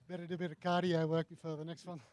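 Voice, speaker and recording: A man who has just finished competing, still out of breath, answering questions in brief, modest phrases. His slightly high voice stays fairly flat in pitch. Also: fast. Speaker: competitor being interviewed. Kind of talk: casual interview.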